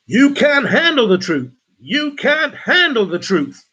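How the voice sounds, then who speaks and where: A man's voice: extremely high pitch, sing-song, measured pace, sharp tone, pitched above the performer's own voice, heavily acted. A man doing a barking intense movie officer.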